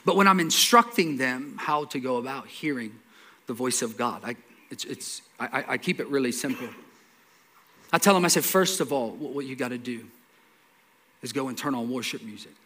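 A man preaching a sermon, telling a scripture story with lively acted-out dialogue, repeating words and dropping into soft asides. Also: medium pitch, moderate pace. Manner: animated storytelling, acts out dialogue. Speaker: pastor.

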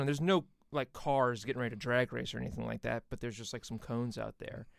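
A man co-hosting a podcast, telling an animated, indignant story with plenty of swearing. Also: medium pitch, brisk, creaky, few pauses, clean tone, no room sound, clean studio sound. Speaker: podcast co-host. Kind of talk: casual chat.

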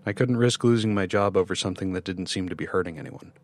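A man reading a first-person horror story in measured scripted narration. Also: low voice.

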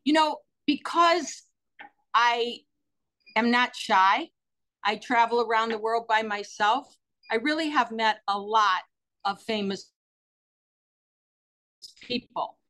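A middle-aged woman tells personal stories as an interview guest. Her voice sits a little high and she speaks earnestly, in animated bursts with plenty of ums and restarts. She sounds sincere and eager to share. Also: slow pace, long pauses. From United States. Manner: earnest, animated storyteller with many fillers.

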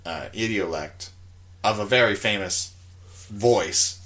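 A man chatting casually about a movie, earnest and defending his view with halting restarts. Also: lowish voice, bright, forceful tone. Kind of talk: casual movie review chat.

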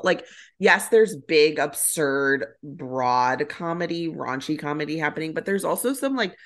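Low-voiced chatty woman co-host. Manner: enthusiastic, lots of fillers. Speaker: podcast co-host. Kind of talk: casual chat.

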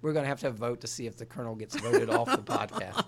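Bright, animated man who jokes and laughs. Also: medium pitch, very fast, vocal fry. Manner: joking, laughs often, steers the conversation. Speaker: podcast co-host. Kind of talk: casual comedic banter.

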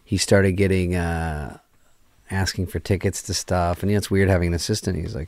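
Deep-voiced man telling a wild story. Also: a little fast, no echo, studio quality. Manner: animated, profane, acts out quoted dialogue. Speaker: film director as guest. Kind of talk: casual storytelling interview.

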